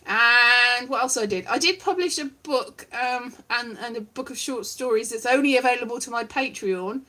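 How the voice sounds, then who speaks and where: Woman vlogger, high bright voice, wry rambling monologue. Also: normal speed. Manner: wry, self-deprecating, meandering. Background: strummed guitar.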